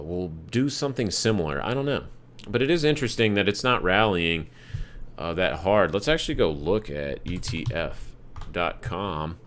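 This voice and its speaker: A young man hosting a live market analysis stream, talking casually through charts with loose, jokey, profane asides. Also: on the low side. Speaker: market analysis livestream host.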